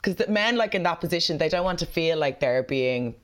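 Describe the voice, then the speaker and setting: South Dublin woman co-host, chatty and sweary, slightly low pitch. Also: animated, brisk. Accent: South County Dublin. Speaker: podcast co-host. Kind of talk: casual chat.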